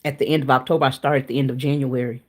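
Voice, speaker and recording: A woman with a low, deep-set voice talks casually and frankly to her viewers, calling them y'all. She sounds tired and a little winded as she hosts her cooking stream. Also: little pitch movement, rapid-fire. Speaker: cooking channel livestream host.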